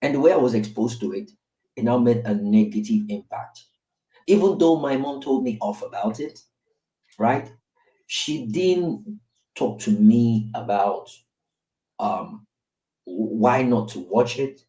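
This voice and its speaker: A man's voice: mid-range voice, a little slow, pauses often, mellow. A Nigerian man, a father in his thirties, telling his own story in candid podcast talk and often checking in with "right?". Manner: candid storytelling with tag questions. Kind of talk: reflective casual podcast talk. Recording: roomy, distant mic.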